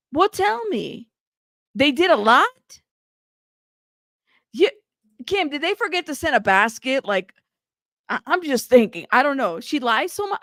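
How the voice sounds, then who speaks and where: A woman with a slightly high voice and a gravelly fry runs a casual livestream, teasing her viewers as she reads their comments aloud. She rambles and cusses freely, laughing often. The sound is close and dry. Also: a bit bright, dry recording. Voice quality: frequent cussing, laughs often. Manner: chatty, teasing, rambling with many fillers. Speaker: livestream news host.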